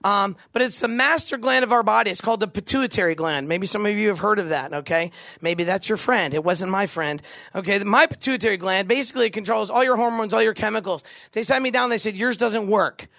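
Gravelly high-voiced man telling a funny story. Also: a little fast, no echo. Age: 40s. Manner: animated, jokey, asks the crowd questions. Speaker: camp speaker. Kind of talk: comedic storytelling to a live audience.

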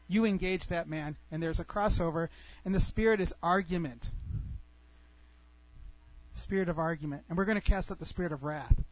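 A middle-aged man telling a personal story in an animated way, often restarting and repeating words. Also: a little high, normal speed, long pauses, low-quality recording.

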